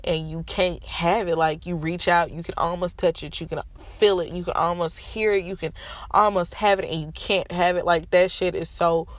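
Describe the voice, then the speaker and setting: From her parked car at a school parking lot, a vlogger in her thirties tells viewers a painful story about her life, frank and emotional. Holding back tears has left her nose stuffy. Her voice is on the low side with a steady tone and moderate pace, and the recording is dry.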